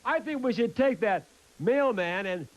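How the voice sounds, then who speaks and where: A man hosting a combative talk show, mocking letter writers and shouting his opinions. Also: high voice, expressive, measured pace, highs cut off. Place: TV studio with live audience. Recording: loud cheering studio crowd.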